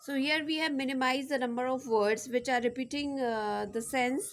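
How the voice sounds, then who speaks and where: A woman giving a slow classroom lecture, reading out example sentences and repeating words one at a time as she dictates them. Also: high-pitched, fairly even intonation.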